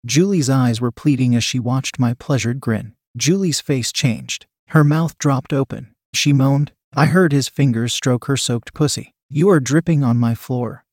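A man narrating an erotic story in the first person, reading in an even, unhurried way. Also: medium pitch, no echo, studio quality. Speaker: story reader.

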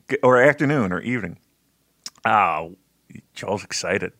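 A man's voice: on the low side, expressive, measured pace, a bit bright, dry recording, clean studio sound. A man co-hosting a podcast in casual chat, laughing easily and asking questions. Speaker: podcast co-host.

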